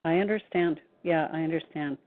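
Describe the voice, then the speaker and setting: A woman's voice: sits low, fairly quick. A woman hosting a radio talk show who listens supportively and reacts to her guest with exclamations. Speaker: host. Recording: tinny phone line.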